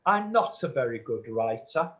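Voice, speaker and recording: Very animated and a bit bright, this medium's mid-range voice moves at a moderate pace as he earnestly and insistently responds to a woman's question in a church hall, addressing her as sweetheart. The audio is dull lo-fi.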